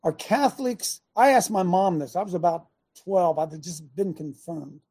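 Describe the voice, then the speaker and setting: A middle-aged man delivers a conversational sermon, moving between stories and direct questions to his listeners. His voice sits high and has a husky edge. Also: normal speed. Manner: animated, storytelling, asks listeners questions. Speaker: show host preaching. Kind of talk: conversational preaching.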